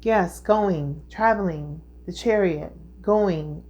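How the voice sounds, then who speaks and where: A woman's voice: mid-range voice, steady tone, a little slow, a little mellow, highs cut off, a little hiss or hum. A woman giving a spiritual tarot reading, earnest and heartfelt, who repeats herself and keeps checking in with her listeners. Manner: emotional, heartfelt. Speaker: tarot reader.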